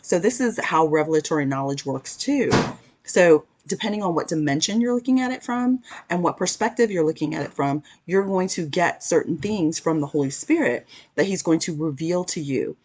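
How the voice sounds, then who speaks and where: A woman's voice: low-pitched, lively intonation, moderate pace, a little mellow. A woman casually teaching a spiritual lesson to camera, earnestly recounting a story with frequent self-corrections.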